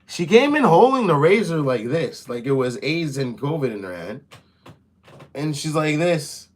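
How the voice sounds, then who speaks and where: A young man casually telling a story on his live stream, profane and animated, slipping into quoted voices. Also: medium pitch, moderate pace. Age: young adult.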